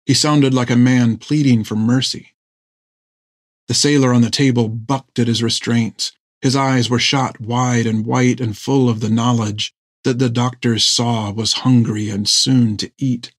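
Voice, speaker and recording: In scripted narration, a man with a medium-pitched voice tells a story at a measured, storyteller's pace as an audiobook narrator. The sound is clean studio audio, free of room sound.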